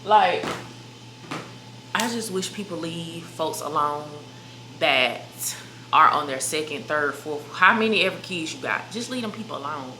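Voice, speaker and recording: A young woman vlogger talks straight to her viewers in a loose, emphatic sit-down chat. Her voice is bright and sits a little low. She is recorded in an echoey room with a faint hiss. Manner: chatty, emphatic, addresses viewers as "y'all" and "baby". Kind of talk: casual sit-down chat to camera.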